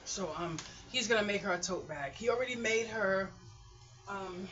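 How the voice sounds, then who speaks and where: Middle-aged woman, rambling home vlogger, bright forceful voice, dull lo-fi home recording. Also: medium pitch, normal speed. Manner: rambling and chatty, animated storytelling with laughs. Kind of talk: casual chat. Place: hot apartment room at home.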